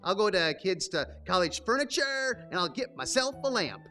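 Man doing a giggly, excitable bunny puppet. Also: high-pitched, normal speed, soft background music, exaggerated voice. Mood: excited. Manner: giggly, stammering, scatterbrained. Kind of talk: live puppet show for children.

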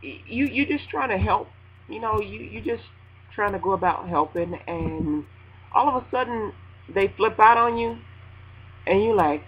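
A woman radio host ranting casually to her listeners, animated and laughing, acting out a phone call in a high voice. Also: unhurried, slight background noise. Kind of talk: casual spoken rant.

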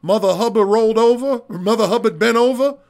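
A man's voice: sits high, brisk, vocal fry, darkish tone. A man putting on a brash tough-guy comedian with a Brooklyn accent, reciting crude nursery rhymes. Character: tough-talking Brooklyn stand-up comic, male, brash.

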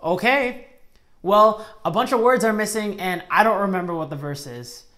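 A woman's voice: mid-range voice, expressive, normal speed, fairly bright tone. A woman teaching children a Bible memory verse in an upbeat, encouraging way, acting playfully exasperated at a helper. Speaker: Sunday school teacher.

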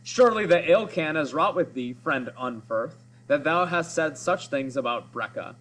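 A man's voice: on the high side, expressive, moderate pace, a bit bright, low-quality recording. A man reading the lines of a proud, boastful male hero in solemn, old-fashioned speech. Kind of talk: read-aloud of a story.

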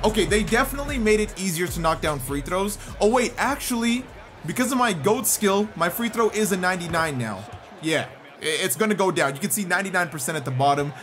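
A man giving excited gameplay commentary as a gaming YouTuber, shouting and groaning at the game as it goes. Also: sits high, fairly quick. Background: game music and sounds.

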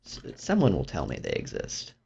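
A man's voice: wildly swooping pitch, normal speed, dark tone. Young guy rambling over his game, dry self-mocking jokes, dull lo-fi mic. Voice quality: low gravelly voice. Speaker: gaming YouTuber. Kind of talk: self-deprecating gameplay commentary.

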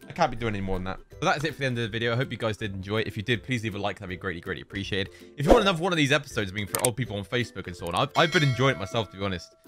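A young man, talking casually as a reaction host. His voice swings widely in pitch as he exclaims and acts mock-outraged, with faint music playing underneath. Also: expressive, rapid-fire, hardly any pauses, a bit bright.

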